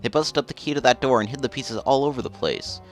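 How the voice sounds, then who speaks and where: A man's voice: medium pitch, animated, quick pace, soft background music, voice pushed up, natural voice. A man putting on a drawling Southern mole digger. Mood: scheming. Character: gruff scheming male mole creature.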